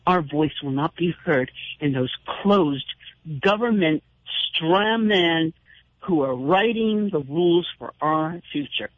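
A man's voice: fairly high pitch, animated, takes it slowly, no echo. A man hosting a call-in radio show, speaking in an impassioned, indignant, rambling way with frequent restarts. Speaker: radio talk show host. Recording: dull lo-fi radio broadcast.

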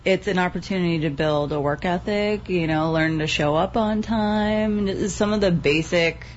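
A woman's voice: lowish voice, normal speed. A woman, talking about a youth farm program in casual, enthusiastic chat with many fillers, on a lo-fi recording. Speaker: youth agriculture program coordinator. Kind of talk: casual radio talk interview. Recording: dull lo-fi sound with faint ambience.

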